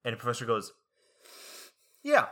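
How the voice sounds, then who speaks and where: A young man with a bright, forceful voice tells a classroom story in casual chat. He is animated and exasperated and acts out the other people's lines as he goes. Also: medium pitch, brisk. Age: young adult. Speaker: college student.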